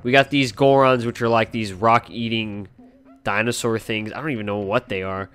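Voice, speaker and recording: A man's voice: on the low side, fairly even intonation, moderate pace, a bit bright, clean tone. A man giving casual, rambling and profane commentary on a video game from his home, joking as he plays. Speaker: gaming channel host. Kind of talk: casual let's play commentary.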